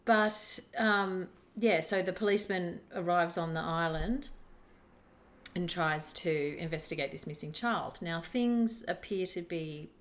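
Woman, podcast co-host, low-ish voice, rambling casual chat. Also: a little slow. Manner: rambling, restarts often, plain storytelling.

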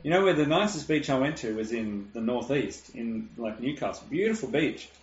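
A man's voice: mid-range voice, animated, moderate pace, slight background noise. A man in casual chat, blunt and swearing freely. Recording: roomy, dull lo-fi sound.

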